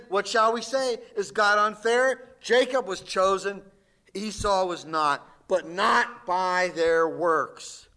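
A male pastor preaching a sermon, reading scripture and stressing points with sudden swings from loud to quiet. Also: high voice. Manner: emphatic, slow preaching with dramatic swings in loudness.

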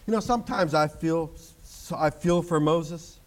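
A man. He is animated and playful, cracking jokes and acting out the people in the scripture as he teaches. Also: fairly high pitch, a little slow, few pauses. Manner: animated preaching with jokes and acted-out quotes. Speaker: pastor. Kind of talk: sermon.

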